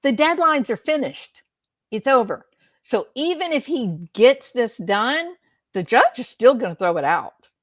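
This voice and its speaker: A woman's voice: on the high side, big pitch swings, a little slow, dry recording. Sarcastic woman commentator. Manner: mocking, sarcastic. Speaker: host commenting on court footage.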